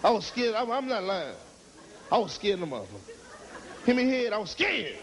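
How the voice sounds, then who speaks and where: A man doing stand-up comedy storytelling on stage, profane and animated, acting out other people's voices. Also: high voice, moderate pace. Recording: live recording with loud audience laughter and noise.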